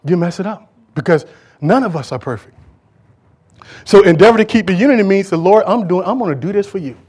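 Animated preaching man, higher voice. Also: a little fast, slightly rough. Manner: animated preaching, swinging from loud to hushed, addressing the congregation. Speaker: pastor. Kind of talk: sermon.

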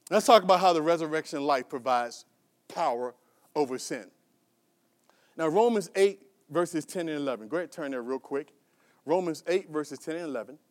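High-voiced preacher, emphatic. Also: male voice. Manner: preaching with rising, emphatic calls to the congregation. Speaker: pastor. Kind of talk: sermon.

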